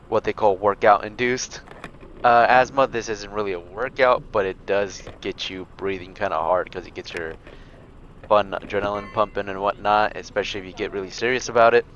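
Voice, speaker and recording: A man's voice: fairly low pitch, a bit bright. Chatty man over a muffled noisy recording. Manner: chatty, rambling, self-deprecating. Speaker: motovlogger. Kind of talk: casual talk to camera. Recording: muffled sound with clear background noise.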